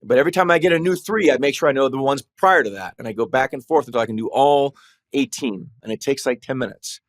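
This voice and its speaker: A man speaking as a trial lawyer guest in a podcast conversation, telling stories in an animated way. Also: medium pitch, fast talker, no room sound, clean studio sound. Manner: animated storytelling, acting out quotes.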